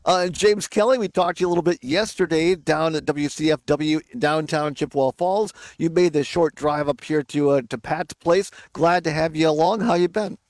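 A man hosting a live radio show outdoors by a lake, chatting casually with quick laughs and self-corrections. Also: on the high side, no echo. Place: outdoors by a lake, remote broadcast.

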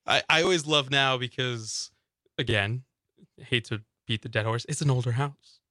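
A man's voice: mid-range voice, normal speed, sharp tone, dry recording. A man co-hosting a radio talk show in a studio, telling a story in a chatty way and laughing often. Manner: chatty storyteller, laughs often, acts out his own thoughts. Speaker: radio co-host. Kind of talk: casual radio chat.

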